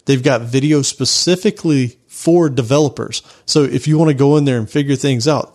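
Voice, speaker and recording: A man's voice: mid-range voice, a little mellow. A man co-hosting a tech podcast, reading a sponsor spot in an enthusiastic, conversational way. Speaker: podcast co-host. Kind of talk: casual tech podcast ad read.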